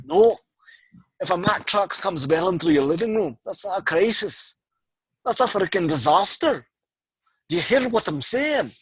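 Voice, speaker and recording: A man's voice: sits high, sing-song, normal speed, slightly rough, dry recording, voice pushed up, full character voice, low-quality recording. A man putting on a blunt Scottish male economist with a Scottish accent, speaking emphatically and rhetorically. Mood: emphatic.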